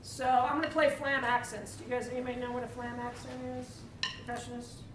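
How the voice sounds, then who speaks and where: A woman's voice: a little high, fairly even intonation, quick pace, noisy background. A woman teaching a live percussion clinic, chatty and quizzing the audience. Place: large echoey hall with audience. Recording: roomy live hall, distant mic, loud drumming.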